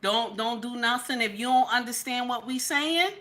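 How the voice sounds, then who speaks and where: A woman doing emotional live-stream commentary, emphatic and repetitive, swinging between loud scolding and quiet, near-tearful talk. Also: a little high, moderate pace, few pauses. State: near tears.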